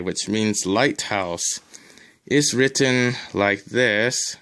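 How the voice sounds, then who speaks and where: A man's voice: lowish voice, a little slow, fairly bright tone, smooth. A man teaching a recorded language lesson, drilling sounds one at a time and adding casual asides.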